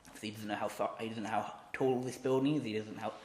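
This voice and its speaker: A man's voice: lowish voice, steady tone, quick pace, a little mellow, a little hiss or hum. A man co-hosting a podcast, improvising a story with many restarts and fillers. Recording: roomy echo.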